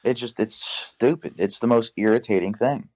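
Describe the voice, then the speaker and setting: A young man telling a work story in casual podcast chat, profane and animated, acting out the dialogue. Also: on the low side, moderate pace. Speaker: podcast guest.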